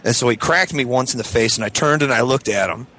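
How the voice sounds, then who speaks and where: A show regular tells a profane story in casual chat, animated and acting out what others said in a raised voice. He has a mid-range voice and a quick pace, on a low-quality recording.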